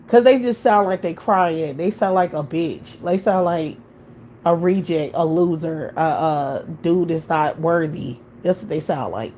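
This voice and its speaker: A woman's voice: on the low side, unhurried, warm tone, slight background noise. A woman hosting a live stream, talking in a blunt, profane, opinionated way in casual chat.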